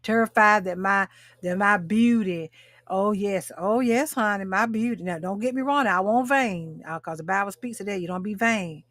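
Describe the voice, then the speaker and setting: A woman's voice: mid-range voice, moderate pace, fairly bright tone, dry recording. A woman in her sixties who hosts a live talk show and coaches other women. She speaks emphatically, repeating her phrases and calling out to her viewers. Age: 60s. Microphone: webcam or phone mic, live stream.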